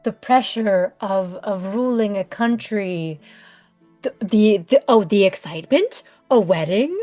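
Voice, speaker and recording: A woman's voice: mid-range voice, expressive, a little slow, mellow, soft background music, close to an everyday voice. A woman voicing a fretful, melodramatic king in a tabletop game, with breathless, swooning sighs. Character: fretful dramatic young king.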